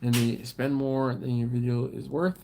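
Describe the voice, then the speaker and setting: A man's voice: mid-range voice, little pitch movement, normal speed, creaky, mellow, a little hiss or hum. A man hosting a live stream, casually chatting and reading viewer comments with easygoing chuckles. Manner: laid-back, chuckling, chatty asides to viewers.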